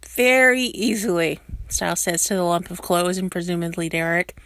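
A woman reading a fan fiction story aloud, expressive and animated. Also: on the low side, a little fast, no echo, clean studio sound. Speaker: reader.

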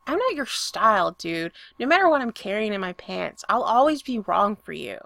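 Woman putting on a brash rocker girl, exasperated and swearing, gravelly, dry close sound. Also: medium pitch, sing-song, moderate pace, no room sound. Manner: loud, exasperated, profane. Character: brash young woman rocker, frustrated and pleading.

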